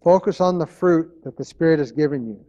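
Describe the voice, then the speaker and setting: A man's voice: a little high, fairly quick, dark tone, muffled recording. A man preaching a sermon as pastor, in an earnest manner, repeating his key phrases.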